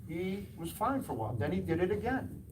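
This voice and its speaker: A man who runs a martial arts school tells animated anecdotes to an audience, acting out the dialogue and laughing along. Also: high-pitched, a little fast, distant mic, noisy background. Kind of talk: storytelling talk to an audience.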